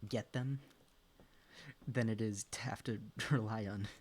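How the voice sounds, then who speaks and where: Talking to his pet and his chat as he plays, this young streamer rambles, swears often, and laughs between thoughts. His voice is on the low side, a little mellow and slightly slow, with fairly even intonation.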